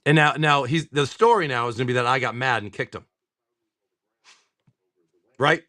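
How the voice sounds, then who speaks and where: A man's voice: medium pitch, moderate pace, bright, forceful tone. A man hosting a casual livestream, opening card packs, often swearing and exclaiming over the pulls.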